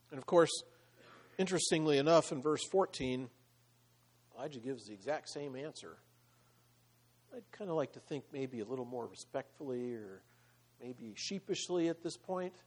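A man's voice: medium pitch, husky. A man preaching a sermon, reading scripture aloud and explaining it in a conversational way with fillers and occasional laughs. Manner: conversational, with fillers and laughs, voicing God in paraphrase.

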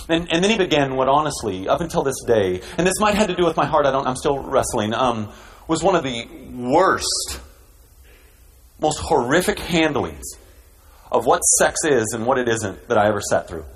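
A man telling a story in a sermon, starting calmly and building to impassioned fervor. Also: medium pitch, normal speed, a little hiss or hum, low-quality recording. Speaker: preacher telling a story in a played clip.

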